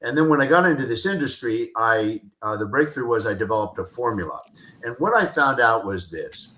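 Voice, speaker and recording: A man's voice: mid-range voice, pushed and bright. A man giving an interview about communication, talking with passion and repeating his key phrases for emphasis. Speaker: guest, communication expert and speaker. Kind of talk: animated interview talk with acted-out anecdotes. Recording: echoey room.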